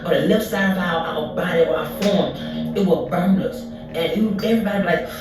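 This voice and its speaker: A speaker recounting a vivid dream in a halting way, with many restarts and fillers, heard as a played recording. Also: mid-range voice. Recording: echoey, distant, with music behind.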